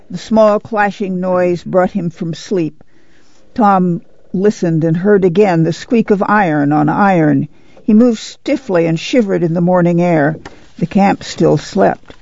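A man narrating an audiobook in a steady, descriptive reading. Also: high voice, vocal fry, no echo, lo-fi sound.

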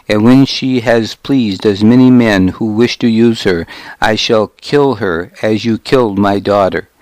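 A man reading a coldly calm Viking jarl. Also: lowish voice, no echo, natural voice. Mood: vengeful. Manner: reasonable, even-toned threats. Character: cruel calm Danish warlord jarl, man. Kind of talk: audiobook character reading.

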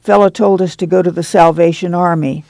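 A reader doing a fierce, hoarse camp woman. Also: mid-range voice, fairly even intonation, brisk, darkish tone, no echo, lightly acted. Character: fierce, bitter poor woman.

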